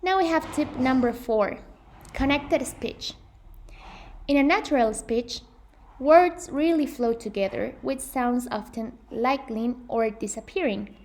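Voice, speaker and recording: Speaking at a measured pace in a high voice with a darkish tone, a young woman presents a scripted English pronunciation lesson, earnest and careful throughout and given to frequent self-corrections.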